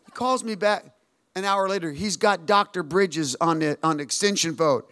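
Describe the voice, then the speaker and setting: Brief: older male pastor, high voice, dry close sound, animated storytelling sermon with call and response. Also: moderate pace, dry recording. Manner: animated storytelling preacher, calls for amens and response.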